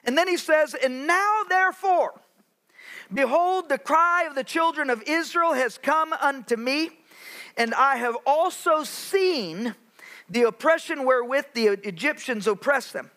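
High, bright-voiced preaching pastor. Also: male voice, expressive. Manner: preaching with dramatic pauses, acting out Bible voices. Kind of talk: sermon. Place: church sanctuary.

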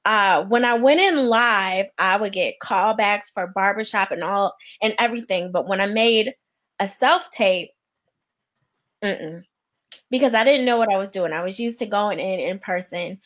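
A woman from New York, a guest actress, telling her story in a relaxed, conversational interview. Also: medium pitch, measured pace.

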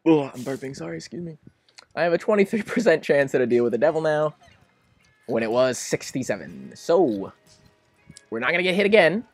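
A young man giving casual, excitable let's-play commentary, melodramatic and quick to plead or laugh. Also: on the high side, slightly rough, soft background music. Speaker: gaming commentator.

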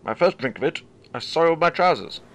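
A man voicing a grumbling old pensioner in a comedy voiceover parody, loud and indignant. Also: on the high side, animated, a little fast, a little hiss or hum, voice pushed up, natural voice.

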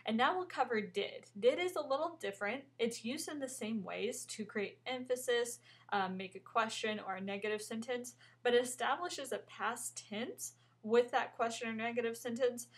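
A young woman teaches grammar at a middle pitch. She explains methodically, reads out example sentences and drops in an occasional um. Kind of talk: recorded grammar lesson.

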